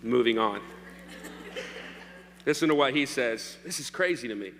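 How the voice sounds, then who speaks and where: A man's voice: mid-range voice, lively intonation, moderate pace, fairly bright tone. A man preaching a sermon as pastor, joking playfully with his congregation. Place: church hall. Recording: long hall reverb, faint hum.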